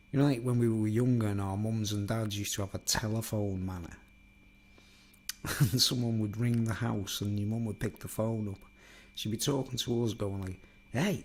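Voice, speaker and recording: A man with a Liverpool accent chatting casually to viewers from a home studio in a block of flats, rambling and self-mocking on a studio microphone. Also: lowish voice. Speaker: YouTuber. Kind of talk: casual chat to camera. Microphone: studio microphone, then a recorder's built-in mics.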